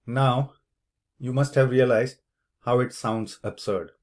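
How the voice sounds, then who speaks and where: A man explains an English speaking test in an unhurried, measured way, like a lesson. His voice sits at an ordinary middle pitch. He stops to say example words aloud, showing which syllable takes the stress. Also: steady tone, a little mellow. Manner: slow, deliberate, demonstrates word stress aloud. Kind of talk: instructional explanation.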